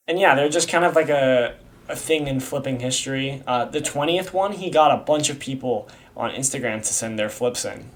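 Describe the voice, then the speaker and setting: A young man giving casual, rambling commentary for his video, slangy and swearing often. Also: mid-range voice. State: has the hiccups. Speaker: YouTube creator explaining a community iceberg.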